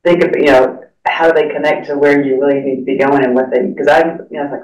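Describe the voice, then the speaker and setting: A man's voice: fairly high pitch, steady tone, fast talker. A man in a church class discussion, thinking aloud in a chatty way. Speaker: class member. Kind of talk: group discussion. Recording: echoey room, far from mic.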